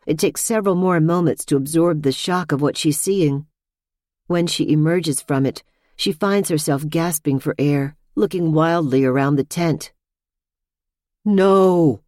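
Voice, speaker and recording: A woman reading a suspense novel aloud in a tense, measured narration. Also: deep voice, darkish tone, no room sound, clean studio sound. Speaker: audiobook narrator. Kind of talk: scripted narration.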